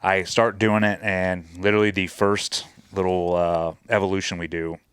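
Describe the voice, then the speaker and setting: Guest, male, low register, dry close sound; profane storyteller who acts out quoted dialogue. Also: flat delivery, normal speed, fairly bright tone, smooth, dry recording. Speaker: podcast guest, former Navy SEAL chief. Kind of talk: casual storytelling in conversation.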